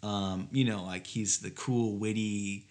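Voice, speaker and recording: A man's voice: lowish voice, steady tone, takes it slowly, a little mellow. A man co-hosting a comedy podcast, riffing sarcastically with mock outrage and swearing. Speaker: podcast co-host. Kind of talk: comedic casual chat.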